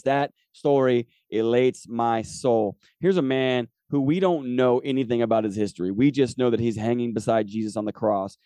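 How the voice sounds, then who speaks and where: A man teaches from the Bible for his podcast in a relaxed, conversational way. His mellow, low-toned voice keeps checking in with "okay?" as he reads scripture aloud. The close mic gives a dry sound. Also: moderate pace, few pauses, no echo. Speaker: podcast host and preacher.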